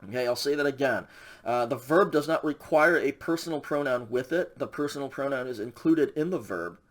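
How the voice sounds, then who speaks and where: Talking fairly quickly at a medium pitch, a man teaches Greek grammar in a recorded lecture. His style is relaxed, full of fillers, and he often checks in with students.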